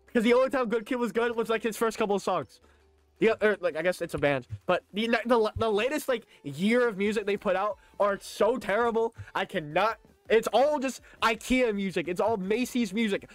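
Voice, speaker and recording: A man's voice: sits high, no room sound. A young man streaming a game, chatting casually and ranting in rambling reactions to his chat.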